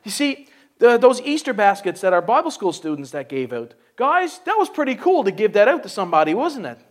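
A man's voice: high-pitched, big pitch swings, fairly quick. A man preaching a casual sermon at a church service, chatty and exclaiming, often asking "you know?". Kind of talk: folksy conversational sermon.

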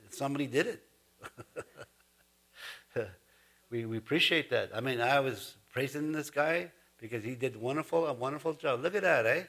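A man's voice: medium pitch, fairly bright tone. A man preaching a sermon in a folksy, chuckling way, rising to emphatic points. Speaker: pastor.

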